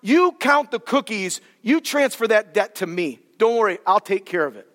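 A preacher voicing an earnest apostle, urging. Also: male voice, sits high, lively intonation, moderate pace, a bit bright. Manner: earnest, pleading, colloquial. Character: apostle urging a friend, earnest and persuasive man. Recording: hall with long reverb.

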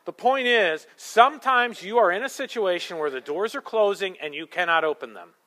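A man preaching a sermon, telling a story with sarcastic asides and moving between loud, forceful lines and quiet ones. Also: sits high, lively intonation, moderate pace. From Michigan. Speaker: pastor.

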